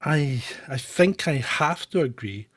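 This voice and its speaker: A man's voice: medium pitch, lively intonation, slow, a bit bright, breathy edge. A man hosting a casual commentary chat, laughing often and swearing freely. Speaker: host.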